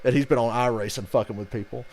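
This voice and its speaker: A man's voice: mid-range voice, fairly even intonation, fast, a little mellow. A man hosting a live race reaction stream in casual, profane chat, breaking into mocking voices when he quotes people.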